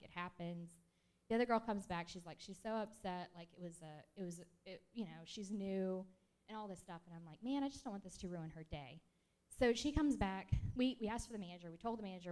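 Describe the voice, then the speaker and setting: Describing herself as shy and introverted, a church member shares a casual spoken testimony at a church gathering through a handheld mic. Her voice is lowish and a little mellow, and the story rambles with many fillers and restarts.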